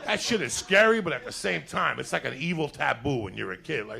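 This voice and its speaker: A man's voice: fairly high pitch, expressive, a little fast, gravelly, bright, forceful tone. A man from Cuba doing a stand-up set, telling rowdy, profane stories. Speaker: stand-up comedian. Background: audience laughter.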